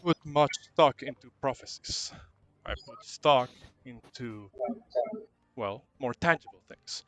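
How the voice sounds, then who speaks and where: A man voicing a stern, protective older male ruler who speaks in cold, measured warnings. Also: medium pitch, fairly bright tone, slight background noise. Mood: dismissive.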